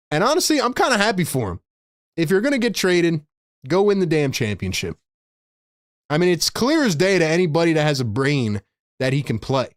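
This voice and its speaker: A man with a high voice calls the game live as a fan-show host. His commentary is casual and slangy, and he jumps into excited reactions. The sound is close and dry. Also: a little fast, no echo.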